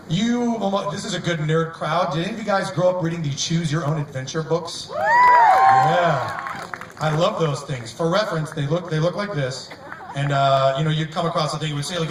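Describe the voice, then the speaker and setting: A man doing a live stand-up set on an outdoor stage, wry and deadpan, sometimes laughing at his own jokes. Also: fairly high pitch, a little fast. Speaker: stand-up comedian. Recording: echoey, distant mic, noisy outdoor crowd. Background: outdoor crowd ambience.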